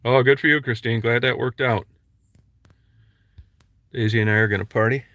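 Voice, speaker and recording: A man's voice: medium pitch, fairly even intonation, normal speed, fairly bright tone, no echo. A man vlogging casually while he drives his van, rambling and chatting to his dog and his viewers. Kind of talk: casual vlog while driving. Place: inside a van on a road trip. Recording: car noise under the voice. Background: car and road noise.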